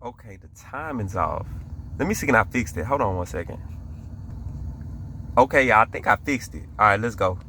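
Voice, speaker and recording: A man breaks down a clip in casual reaction commentary. His voice is bright and clear, with a faint hum of background noise. He talks in loops, asking rhetorical questions and saying lines twice. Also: on the low side, animated, normal speed, long pauses. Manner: conversational, rhetorical questions, repeats himself. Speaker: reaction video host.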